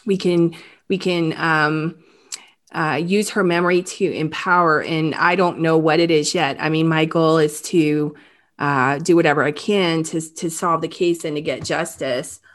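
A woman hosting an interview, talking haltingly with many restarts, close to tears. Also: low voice, fairly even intonation. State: emotional, near tears. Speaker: host. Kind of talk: emotional interview about a crime case.

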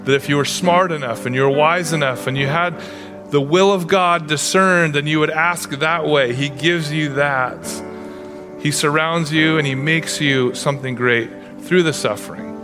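A man's voice: a little high, normal speed, over music. Earnest male pastor preaching. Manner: earnest preaching with sudden playful asides. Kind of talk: sermon.

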